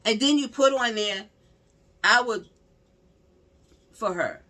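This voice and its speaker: Speaking at a moderate pace in a voice on the high side, a woman delivers casual, blunt, slangy true-crime commentary directly to viewers. She's animated and repeats phrases to drive points home.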